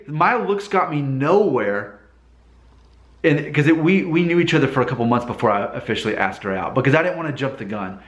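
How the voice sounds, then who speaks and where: A man giving unscripted advice to the camera, talking earnestly in a rambling way and often restarting his sentences. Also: mid-range voice. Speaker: vlogger giving dating advice. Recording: roomy echoey room.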